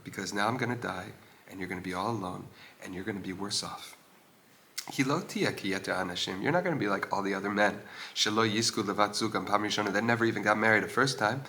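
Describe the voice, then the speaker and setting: A man's voice: fairly low pitch, pushed and bright, slight background noise. A man teaching a religious text. He reads short passages aloud, translates them, and keeps asking questions of the text. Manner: explanatory, pauses with fillers, asks questions aloud. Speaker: Torah teacher. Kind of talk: text study, reading Hebrew lines and translating them. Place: old stone synagogue.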